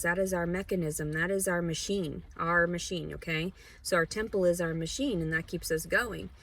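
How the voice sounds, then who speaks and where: Rambling, husky-voiced woman vlogger. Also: fairly low pitch, a bit bright, recorded from a distance. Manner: meandering, restarts often, blunt and frank. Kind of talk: rambling personal monologue.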